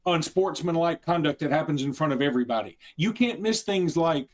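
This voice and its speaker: A man co-hosting a sports talk show, talking in animated, quick bursts. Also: fairly high pitch.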